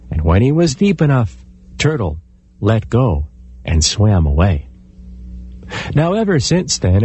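A man telling a folktale aloud in an expressive, animated way. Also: mid-range voice, slight background noise. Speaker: storyteller. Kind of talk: oral folktale storytelling.

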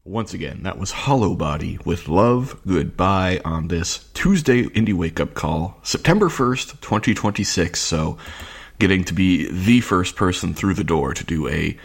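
A man filling in as a radio DJ, announcing songs in laid-back, friendly patter with a sore, hoarse voice and audible vocal fry. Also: sits low, lively intonation, unhurried. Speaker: fill-in radio DJ. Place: radio studio.

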